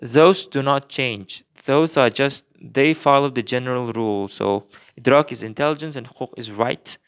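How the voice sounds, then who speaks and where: A man explaining grammar in a recorded lesson, careful and patient, often pausing with fillers and restarting his sentences. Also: mid-range voice, fairly bright tone, clean tone. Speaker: language teacher.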